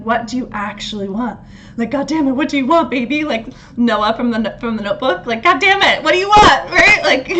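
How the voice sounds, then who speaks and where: A woman hosting a casual astrology talk, animated, laughing often and swearing freely. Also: fairly high pitch. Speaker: astrology host.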